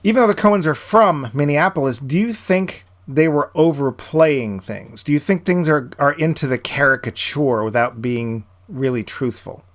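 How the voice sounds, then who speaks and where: A man's voice: on the high side, moderate pace, few pauses. A man from the Boston area co-hosting a film podcast, giving wry, opinionated takes in casual chat. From New England, Boston area. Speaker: podcast co-host.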